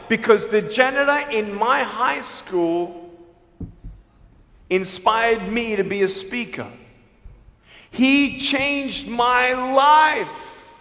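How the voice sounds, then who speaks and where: A man giving an emphatic motivational speech to students on stage, shifting between quiet lines and shouting. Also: high voice. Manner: emphatic, swings from soft to shouting. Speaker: motivational speaker. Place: large hall on stage. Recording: long hall reverb, faint music.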